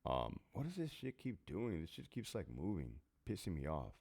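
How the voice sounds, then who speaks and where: A middle-aged man chats casually and bluntly, swearing freely and laughing at himself. His voice sits low but swings widely in pitch, animated as he tells stories from his prison job. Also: moderate pace. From California. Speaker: former prison officer answering viewer questions. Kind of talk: casual Q&A chat.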